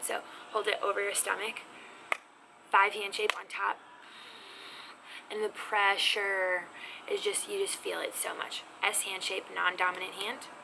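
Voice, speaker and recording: A woman gives a casual sign language lesson from her home, teasing herself and sometimes dropping to a whisper. Her voice has a gravelly edge. The recording carries a steady layer of background noise. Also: medium pitch. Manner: chatty, self-teasing, drops to whispers. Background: neighbor's music faintly heard.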